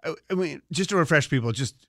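A man's voice: fairly high pitch, animated, a bit bright, no echo. Chatty male radio host, dry studio. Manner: chatty, eager, quick asides and laughs. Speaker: radio talk show host. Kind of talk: casual interview chat.

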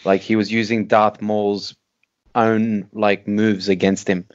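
A man's voice: fairly low pitch, level tone, takes it slowly. A man in a casual podcast chat, tentative, with many fillers and questions. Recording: dull, lo-fi sound.

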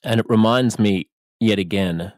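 A man's voice: lowish voice, a little slow, darkish tone, dry recording, studio quality. A man with an Australian accent, a radio host giving earnest, reflective commentary. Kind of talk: spoken commentary.

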